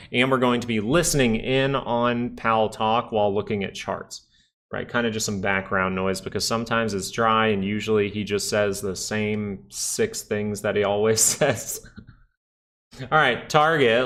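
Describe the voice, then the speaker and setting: Chatty man with a lowish voice, live market talk. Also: a bit bright. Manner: chatty, answers live chat, talks through charts. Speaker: stock market livestream host. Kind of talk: casual live-stream market commentary.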